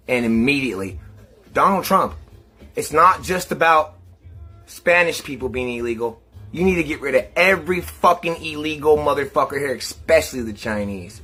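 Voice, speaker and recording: Furious profane man with bright raspy voice. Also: mid-range voice. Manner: furious, profane, shouting rant. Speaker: social media commenter. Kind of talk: angry ranting clip.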